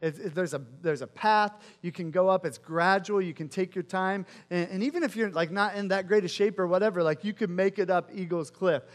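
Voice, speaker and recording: A middle-aged male pastor with a high voice preaches in a relaxed, self-mocking way, padding his story with likes and you-knows. His words ring out with a long reverb, as in a large hall. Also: fairly quick, hardly any pauses. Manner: casual, self-mocking storytelling with many fillers. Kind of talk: sermon with personal story.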